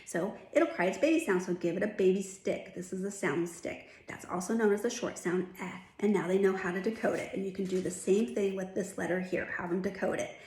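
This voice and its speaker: A woman's voice: mid-range voice, a little fast, hardly any pauses, darkish tone. Patient woman teaching phonics, echoey room. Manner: patient, demonstrative, models sounds. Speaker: reading teacher. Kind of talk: phonics lesson.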